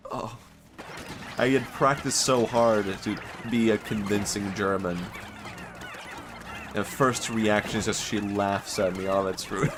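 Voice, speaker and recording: A man's voice: lowish voice, fairly bright tone, a little hiss or hum. A man, streaming and chatting casually with a chatty, self-amused manner. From Sweden. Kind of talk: casual gaming stream chat.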